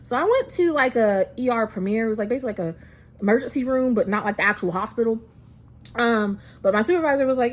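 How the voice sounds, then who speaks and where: A woman in her twenties, a vlogger, tells a personal story to the camera in a quick, animated, fairly high voice. She's chatty, using lots of fillers and restarting sentences, and at times seems close to tears.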